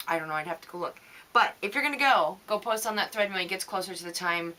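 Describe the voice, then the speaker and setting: A young woman with a bright, clear voice talks straight to her camera at home. She rambles from one thing to the next with lots of fillers and easy laughter, hosting her own knitting vlog. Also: lowish voice, fast talker. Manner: chatty, rambling, frequent "um"s and laughs. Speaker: knitting vidcast host. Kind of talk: rambling casual vlog chat.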